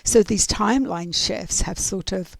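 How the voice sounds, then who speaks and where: A woman in middle age tells a spiritual story to her audience, drifting from thought to thought with plenty of ums and restarts. Her voice carries a strong gravelly fry at an ordinary pitch. The recording is close and dry, with no room sound. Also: a little slow, dry recording. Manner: rambling, many fillers and restarts. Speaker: oracle card reader.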